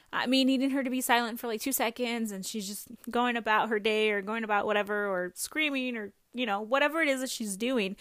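A woman's voice: a little high, fairly bright tone, dry recording. Candid woman musing on a podcast, dry sound. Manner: candid, rambling, laughs often. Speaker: podcast host. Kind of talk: personal reflective monologue.

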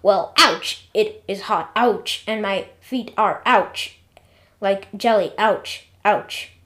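A woman voicing a dramatic, excitable young Martian who groans, yelps and whines. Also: medium pitch, normal speed, close to an everyday voice. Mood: complaining. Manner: melodramatic, groaning and yelping.

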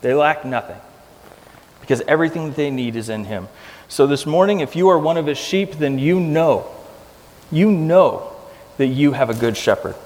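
A man's voice: a little high, expressive, moderate pace, darkish tone. A man preaching a sermon as pastor, earnest and emphatic, often repeating key phrases for weight. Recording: long hall reverb.

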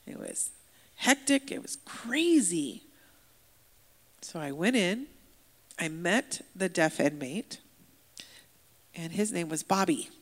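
Gravelly-voiced woman interpreting a sermon. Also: medium pitch, big-room sound. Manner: lively storytelling with voiced quotes. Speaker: sign language interpreter voicing a deaf pastor. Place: church sanctuary.

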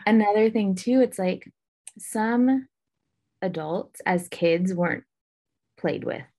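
A woman's voice: medium pitch, takes it slowly, gravelly, warm tone. A pregnant woman co-hosting a parenting podcast in a chatty manner, a bit winded, with many fillers. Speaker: podcast co-host. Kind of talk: casual chat on parenting.

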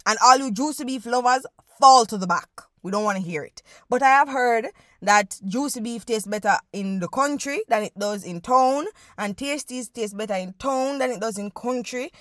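A young Jamaican woman hosts her own podcast in a lively, playful monologue, slipping into local slang as she paints a picture for her listeners. Her voice sits a little high. The recording is dry and close. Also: moderate pace, dry recording. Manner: animated, playful, guided-imagery storytelling with Jamaican slang. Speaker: podcast host. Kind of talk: casual solo podcast monologue.

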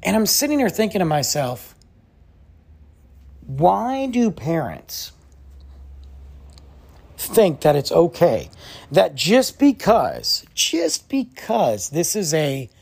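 A man hosting a podcast who tells a story in a casual, animated, exasperated way and says "like" often. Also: fairly high pitch, slow, creaky, pauses often, slightly rough. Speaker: podcast host.

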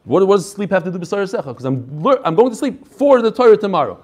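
A man's voice: high voice, expressive, fast, darkish tone. A male Torah teacher giving a classroom lecture, reading each phrase and then explaining it with energy, adding chatty asides and jokes.

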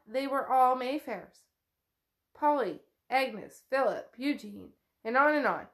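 A woman with a slightly higher voice retells a novel's chapters in a loose, chatty way. She swears freely and leans on "like" constantly, like a friend catching you up on the story. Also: lively intonation, takes it slowly, a bit bright. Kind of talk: casual book recap.

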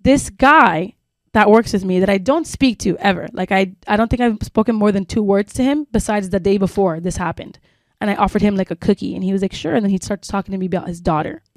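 In casual podcast chat, a female co-host winds through a lengthy personal anecdote packed with fillers like "like" and offhand cursing. She speaks fairly quickly in a middle register, on a dry, close recording without room sound.

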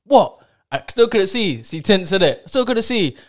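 A man's voice: high voice, very animated, moderate pace. A young man telling a story in a laid-back, laughing way during casual chat. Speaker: podcast co-host.

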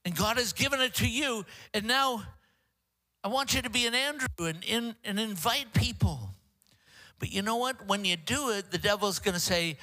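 An older man preaching a sermon as a guest preacher, mixing jokey self-deprecating asides with halting restarts. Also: high-pitched, bright, forceful tone.

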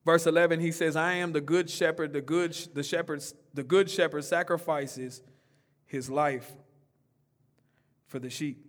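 A man preaching a sermon in a casual, conversational way, calling out to the congregation for responses and swinging between loud emphatic lines and soft, low ones. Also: fairly even intonation, moderate pace. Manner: call-and-response preaching, rising emphatic then dropping soft; informal, conversational speech.

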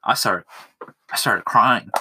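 A young man with a low, bright, sharp-edged voice rambles through a solo podcast at home. He swears constantly and mocks himself in loose, crude asides, talking into his phone. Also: takes it slowly, a little hiss or hum. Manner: crude, rambling, self-mocking, swears a lot. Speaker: podcast host. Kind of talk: casual solo podcast monologue.

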